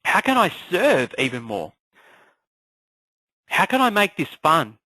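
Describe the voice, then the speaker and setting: A man coaching an online class in an energetic motivational style, firing off rhetorical questions. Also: sits high, measured pace, no echo, rough recording. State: clearing a frog in his throat. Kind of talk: motivational live class talk.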